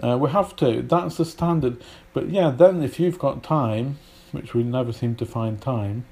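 A British man leads a podcast lesson on pronunciation, saying each example word aloud over and over. His voice is dark and gravelly, with a slow, unhurried delivery full of pauses. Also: mid-range voice. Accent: British English. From United Kingdom. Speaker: English teacher.

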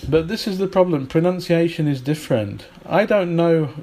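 A man teaching English in a relaxed spoken lesson, chatty and thinking aloud with fillers and restarts. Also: a little high, moderate pace, low-quality recording.

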